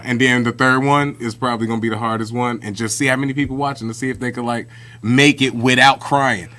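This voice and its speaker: A man co-hosts a podcast, speaking quickly with a medium pitch and a sharp tone. In casual chat, he tells stories in a chatty, slangy way.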